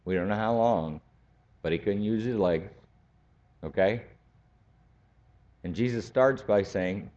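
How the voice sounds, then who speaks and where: A man teaching a Bible study class, speaking slowly and deliberately and building to emphatic points. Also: lowish voice, darkish tone. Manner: slow, deliberate, rising to emphatic. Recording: dull lo-fi recording.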